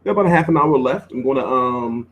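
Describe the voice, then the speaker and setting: A man's voice: mid-range voice, expressive, fast talker, fairly bright tone, dull audio. A man hosting a boxing news show, talking in a casual, slangy, laid-back way. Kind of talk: casual commentary.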